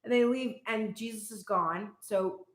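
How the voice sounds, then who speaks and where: A woman's voice: medium pitch, measured pace, fairly bright tone. A young woman reading tarot in a casual, irreverent and profane way, laughing as she tells stories. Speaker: tarot reader. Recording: echoey room.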